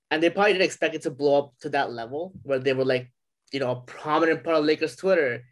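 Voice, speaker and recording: A man's voice: on the high side, fast. Young man, slightly raised voice, stammering. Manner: stammering, speculative. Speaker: podcast co-host. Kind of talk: casual chat.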